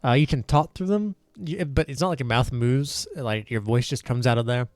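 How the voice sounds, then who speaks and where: A man's voice: medium pitch, normal speed, darkish tone, dry recording. Casual male game master, filler-heavy rules explainer, dry close mic. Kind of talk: casual tabletop game narration.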